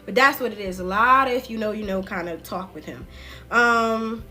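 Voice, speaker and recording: A woman hosting a livestream, chatting casually and directly to her viewers in loose, slangy speech, retelling things with animated swings in pitch. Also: normal speed. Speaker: livestream political commentary host. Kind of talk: casual chat.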